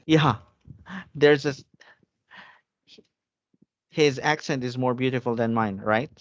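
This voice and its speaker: Slow-talking man tutoring online. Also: mid-range voice, no room sound. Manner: halting, repetitive explaining with light laughs. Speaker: English tutor. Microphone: computer mic on a video call. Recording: dry, dull video call audio.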